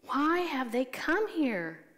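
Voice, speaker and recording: A woman's voice: high-pitched, big pitch swings, slow pace, a bit bright, long reverb tail, voice pushed up, heavily acted. A woman voicing Isaac, a kind grown man, in a children's Bible story, mild and patient.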